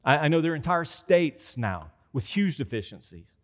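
A man's voice: on the high side, very animated, normal speed. A man preaching a conversational sermon as a pastor. He repeats phrases for emphasis and acts out quoted voices. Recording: long hall reverb.

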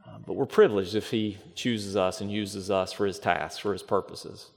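A man's voice: fairly low pitch, fairly even intonation, moderate pace. A man preaching a sermon as pastor, emphatic, asking rhetorical questions and repeating phrases. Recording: long reverb of a large hall.

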